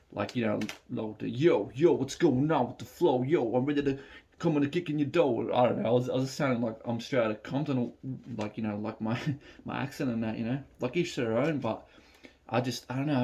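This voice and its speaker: A man's voice: medium pitch, vocal fry, a little mellow, dull audio. A man from Melbourne with an Australian accent, chatting casually and rambling with many fillers while reacting to music on a phone recording. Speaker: reaction video host.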